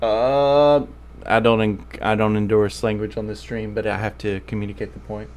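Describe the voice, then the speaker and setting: A man's voice: fairly low pitch, level tone, moderate pace, a little mellow. A man narrating as game master of a tabletop game, rambling and correcting himself as he goes.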